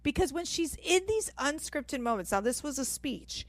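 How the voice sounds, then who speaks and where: A woman's voice: sits high, expressive, moderate pace, no echo. A woman co-hosting a talk radio show, emphatic and opinionated. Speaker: radio co-host. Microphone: studio microphone.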